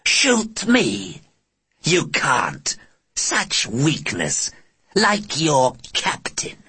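A man voicing a menacing, contemptuous male alien warrior in an audiobook, with a slow, sneering, drawn-out delivery. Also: fairly high pitch, wildly swooping pitch, bright, forceful tone, slightly rough, no echo, pitched above the performer's own voice, exaggerated voice. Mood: taunting. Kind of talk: audiobook character voice.

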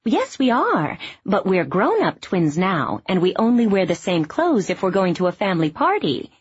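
A woman reading aloud, voicing a doting middle-aged mother with a high, fussing manner. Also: huge pitch swings, moderate pace, husky, dry recording, lo-fi sound, heavily acted.

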